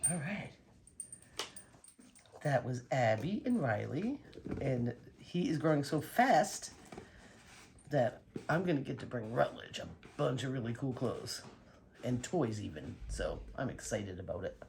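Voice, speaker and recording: A woman vlogging casually while she paints, excitable and talking to herself and her dog. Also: a bass voice, unhurried, gravelly, long pauses, slight background noise. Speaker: acrylic pour painting vlogger.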